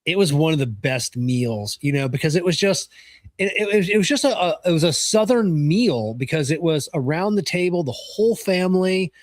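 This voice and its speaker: A man's voice: fairly high pitch, expressive, moderate pace, no room sound. A man co-hosting a podcast, telling stories in a loose, rambling way full of fillers. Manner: rambling, many fillers like "you know" and "like". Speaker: podcast co-host. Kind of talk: casual chat.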